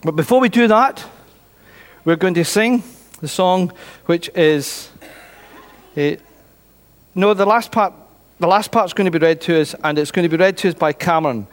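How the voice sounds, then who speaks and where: Guy preaching a kids bible story, high voice, echoey church hall. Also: moderate pace, long pauses. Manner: animated storytelling, voices characters.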